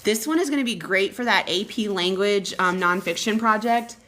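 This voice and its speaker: Bright-voiced chatty woman librarian. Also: mid-range voice, moderate pace. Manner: chatty, reads notes aloud, excitable bursts. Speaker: school librarian. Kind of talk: live unboxing stream.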